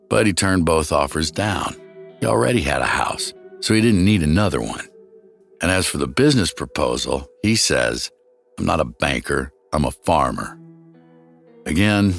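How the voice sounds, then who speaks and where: A man with an extremely deep voice tells a true-crime story in measured, scripted narration, his tone rough with gravel. He now and then turns to address the listener directly. Faint music plays under his voice.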